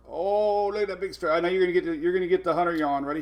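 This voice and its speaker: A man's voice: sits high, very fast, gravelly. A man hosting a casual weather live stream, chatty, laughing often and talking to his dogs between updates.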